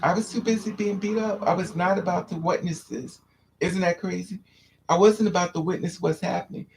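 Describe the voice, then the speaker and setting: Man, casual chat, gravelly voice, a bit high, animated storyteller, faint background noise. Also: brisk. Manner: animated storyteller, squeals and acts out quotes. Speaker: podcast host.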